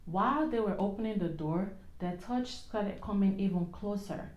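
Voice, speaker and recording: A woman tells a story to her camera while doing her makeup at home. She tells it in an animated way, with many fillers and restarts. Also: mid-range voice, moderate pace, echoey room. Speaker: vlogger.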